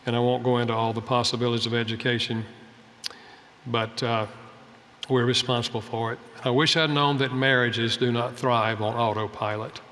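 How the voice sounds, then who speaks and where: A man's voice: mid-range voice, flat delivery, normal speed, a bit bright, big-room sound, slight background noise. An older man giving an earnest, folksy sermon-style talk about family life, telling stories from his own home. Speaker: speaker on family and marriage.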